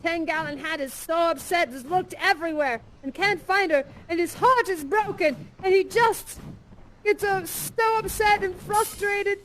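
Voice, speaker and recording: Playful high-voiced woman storyteller. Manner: playful, theatrical. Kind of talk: improvised puppet-show storytelling. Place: virtual reality game.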